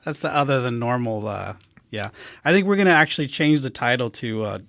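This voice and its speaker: A man's voice: medium pitch, animated, fairly quick, gravelly, fairly bright tone. A man hosting a podcast, cutting in with joking remarks during an interview. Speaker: podcast host. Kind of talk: casual interview.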